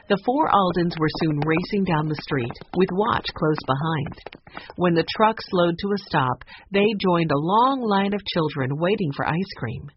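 A woman narrating a children's audiobook with expressive storytelling. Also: lowish voice, a little slow, highs cut off, over music. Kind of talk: scripted narration.

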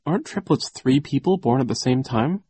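A man's voice: mid-range voice, expressive, normal speed, dark tone, husky, no room sound, pitched above the performer's own voice. A man voicing an eager young girl who loves inventing, in a storybook reading.

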